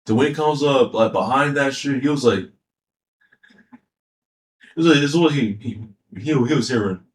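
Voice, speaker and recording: A man's voice: medium pitch, normal speed, echoey room. A man casually ranting about an anime, retelling scenes with swearing and laughter. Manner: animated, profane, laughing storytelling. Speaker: anime commentator.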